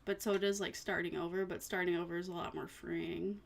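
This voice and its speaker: A woman's voice: on the low side, flat delivery, fairly quick, gravelly, a little hiss or hum. A tired woman streaming casually, rambling to herself and her chat with little laughs. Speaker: vtuber streamer.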